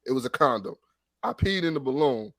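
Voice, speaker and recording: A man telling a long story in casual chat on a sports podcast, animated and profane, full of restarts. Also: medium pitch, a little fast, no echo. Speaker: podcast co-host.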